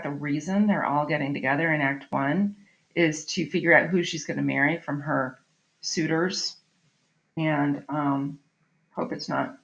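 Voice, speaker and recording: A middle-aged woman teaching a recorded online lesson in a chatty, explaining way, often checking in with her students. Her voice sits low with a gravelly edge. The audio is a bit dull and lo-fi. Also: a bit bright. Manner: chatty, explaining with frequent "right?" and "um".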